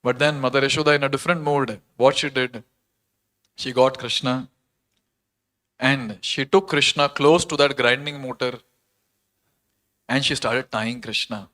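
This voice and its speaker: A man giving an earnest, animated devotional lecture, telling a sacred story and putting questions to his listeners. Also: mid-range voice, measured pace, long pauses. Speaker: temple speaker.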